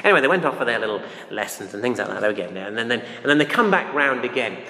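A man's voice: medium pitch, very animated, rapid-fire, pushed and bright. A man preaching a sermon in a loose, conversational way, with anecdotes and frequent ums and uhs. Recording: echoey hall with long reverb.

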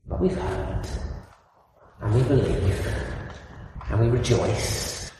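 A man preaching a sermon, animated, with rhetorical questions to the congregation. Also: mid-range voice. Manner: animated, rising loud on key phrases, asks the congregation rhetorical questions. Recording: echoey hall from far off, faint noise.

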